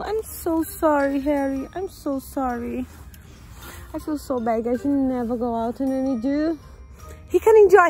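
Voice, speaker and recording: A woman chatting casually in an outdoor vlog while talking to her baby. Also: high voice. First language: Portuguese. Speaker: vlogger. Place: outdoors at a park.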